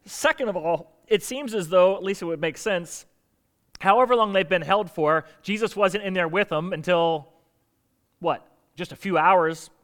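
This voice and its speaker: A man preaching a sermon as pastor, animated, asking rhetorical questions and acting out quoted lines. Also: high voice, normal speed.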